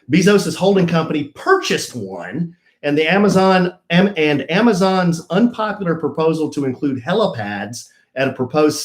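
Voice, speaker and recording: A man's voice: fairly high pitch, roomy sound. A man co-hosting a casual podcast, reading a news article aloud and bantering with his co-host. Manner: reads the article then banters, teasing.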